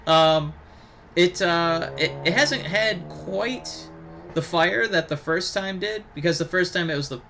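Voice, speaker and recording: A man co-hosting a podcast in casual chat, talking animatedly and breaking into excited impressions. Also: sits high, unhurried, over music. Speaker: podcast co-host.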